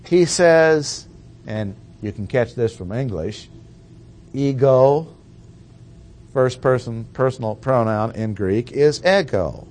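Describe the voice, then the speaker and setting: Slow, deliberate male preacher. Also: medium pitch, animated, a little mellow. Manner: slow, deliberate, explanatory, with rhetorical questions. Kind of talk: sermon teaching on Bible language.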